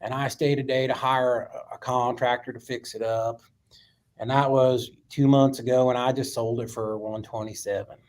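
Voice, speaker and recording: A man's voice: mid-range voice, little pitch movement, normal speed, darkish tone, natural voice. A man retelling as a plain old Florida farmer. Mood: matter-of-fact. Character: plain-spoken elderly rural Florida man.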